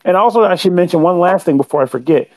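Man, higher voice, talkative, wordy game review, self-correcting. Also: quick pace, a little mellow. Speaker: podcast co-host reviewing a game. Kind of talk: casual podcast review.

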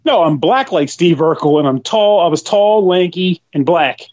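A man's voice: fairly high pitch, expressive, moderate pace, darkish tone. A man chatting casually with friends, rambling through stories and laughing often as he talks. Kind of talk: casual group chat. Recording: dull lo-fi recording.

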